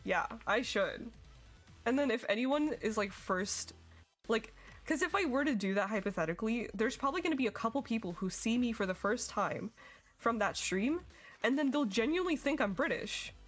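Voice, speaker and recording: A woman's voice: fairly high pitch, animated, moderate pace. A young woman chatting casually and giggling while streaming a game. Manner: chatty, giggly, reacting to chat. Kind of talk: casual gaming stream chat. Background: faint music.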